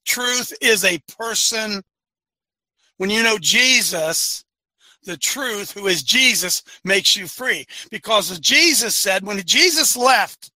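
A man preaching with fire to a live online audience, often raising his voice to a shout. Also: high-pitched, lively intonation, slow, dry recording. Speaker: host and preacher of an online show.

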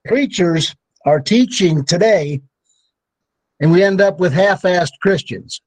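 A man's voice: high-pitched, takes it slowly, rough recording. A man speaking as a guest on a talk show, blunt and plain-spoken.

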